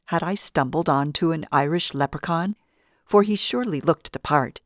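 A woman narrating a novel in a steady storytelling read. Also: low voice, moderate pace, no room sound, studio quality. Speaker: audiobook narrator. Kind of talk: scripted narration.

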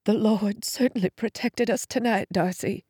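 A woman's voice: a little high, sing-song, moderate pace, dry recording, clean studio sound, voice pushed up. A woman reading a storybook voices a frightened, devout middle-aged mother with a quavery, anxious voice. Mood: earnest. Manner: anxious, pleading.

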